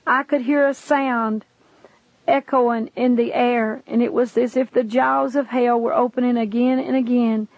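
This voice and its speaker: A woman's voice: a little high, steady tone, measured pace, no echo. A woman narrating a dramatic first-person testimony, speaking with passion and addressing the listener directly. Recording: dull lo-fi dry recording.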